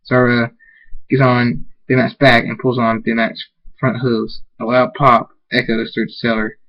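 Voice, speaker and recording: A man reading fan fiction aloud, halting and restarting words as he goes. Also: medium pitch, level tone, highs cut off. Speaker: amateur reader.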